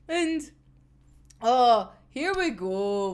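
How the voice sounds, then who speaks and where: Lively woman, animated and laughing. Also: on the high side, drawn-out words, long pauses. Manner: animated, laughs often, swears freely. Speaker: anime reaction host. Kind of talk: casual episode discussion.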